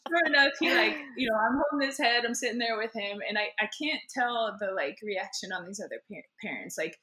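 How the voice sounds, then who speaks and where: A woman's voice: a little high, animated, a little fast, bright, forceful tone, a little hiss or hum. A woman in casual chat, telling a story animatedly, acting out voices and laughing often.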